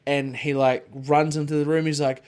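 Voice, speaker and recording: A man's voice: on the high side, flat delivery, moderate pace, darkish tone, smooth. A man co-hosting a podcast, rambling in casual chat, swearing freely and padding his talk with filler words. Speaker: podcast co-host.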